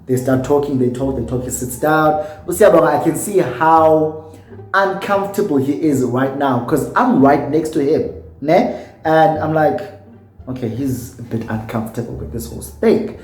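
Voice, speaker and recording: A man's voice: a little high, normal speed, reverberant. A tipsy South African man with a South African accent, telling a story in a vlog and acting out what people said. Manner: animated storyteller who acts out quotes. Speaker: YouTuber.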